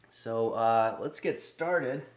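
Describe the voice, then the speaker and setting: A middle-aged man hosting a cooking livestream, talking in a deadpan, halting way with frequent fillers. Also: mid-range voice. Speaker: cooking stream host. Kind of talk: casual livestream chat.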